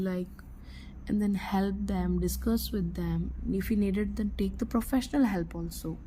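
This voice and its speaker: A woman's voice: mid-range voice, warm tone, low-quality recording. Hesitant woman explaining forensics, faint hiss. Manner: hesitant, many fillers and restarts. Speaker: forensics channel presenter. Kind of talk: informal educational talk.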